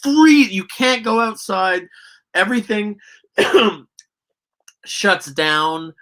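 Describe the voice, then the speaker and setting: Bright-voiced animated male storyteller. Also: sits high, very slow. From Canada. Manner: animated, profane, laughing storyteller. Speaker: actor, guest. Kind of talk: casual interview storytelling.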